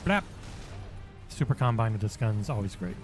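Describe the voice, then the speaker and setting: A man streaming a game for charity on a headset mic, chatting excitedly with viewers and swearing freely. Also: on the low side, normal speed. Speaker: charity livestream gamer. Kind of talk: casual game-stream commentary. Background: game music.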